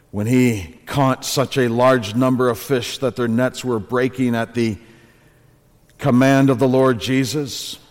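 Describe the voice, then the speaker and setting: A man preaching a sermon in church, earnest and building to emphatic repeated phrases. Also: mid-range voice. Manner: earnest, rising to emphatic repetition. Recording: long reverb of a church hall.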